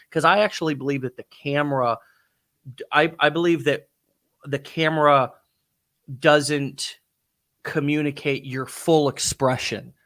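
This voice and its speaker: A man hosting an interview, speaking emphatically, restarting phrases and breaking into bursts of excitement. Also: medium pitch. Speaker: host.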